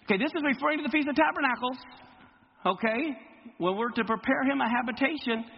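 High, gravelly preacher in an echoey hall. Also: male voice, quick pace. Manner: animated, quizzes the congregation. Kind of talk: sermon. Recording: echoey hall, dull lo-fi sound, faint noise.

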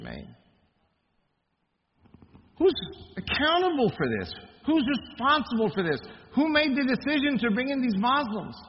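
A man with a high, animated voice delivers an emphatic lecture, peppering his listeners with rhetorical questions. The talk rings out with a long hall reverb. The recording is dull and lo-fi. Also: a little hiss or hum. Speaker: speaker. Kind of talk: impassioned lecture.

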